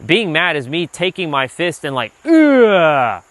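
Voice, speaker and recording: A man hosting a livestream while out on a walk, talking loosely and casually, filling his talk with "like" and now and then letting a swear slip when he gets animated. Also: fairly high pitch, normal speed, no echo. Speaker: livestream host, self-improvement speaker. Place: outdoors on a walk. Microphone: handheld gimbal rig.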